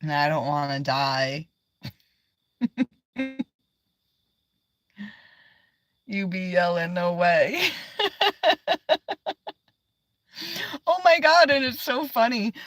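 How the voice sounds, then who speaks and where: A woman's voice: mid-range voice, a bit bright, dry recording, clean studio sound. A woman livestreaming from inside her car, chatting casually, swearing often and laughing a lot as she rambles.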